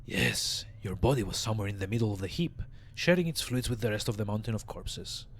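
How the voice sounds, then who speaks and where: A man voicing Dahl, a raspy ancient scribe. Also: lowish voice, expressive. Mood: grim. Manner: slow solemn speech broken by coughing rasp. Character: frail ancient male mortuary scribe, grave and weary. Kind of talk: reading game dialogue aloud in character.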